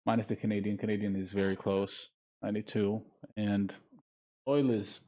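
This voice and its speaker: Relaxed man with a mellow voice. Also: lowish voice, normal speed. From Jordan. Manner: relaxed, rambling, thinks aloud with fillers. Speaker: market analyst hosting a live trading stream. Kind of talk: casual live market commentary.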